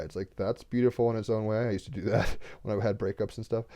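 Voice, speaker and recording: A man's voice: on the low side, steady tone, fast, few pauses, dark tone. A young man reading cards on a home livestream, talking earnestly and rambling, sometimes near tears. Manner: rambling, earnest, fillers like "like" and "right?". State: tearful, getting emotional. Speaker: tarot card reader. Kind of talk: casual spiritual livestream talk.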